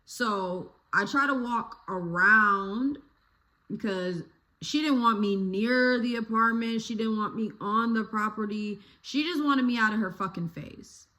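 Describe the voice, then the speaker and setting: A young woman YouTuber telling a childhood story in a casual, animated way, laughing and cursing freely. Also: fairly high pitch, measured pace.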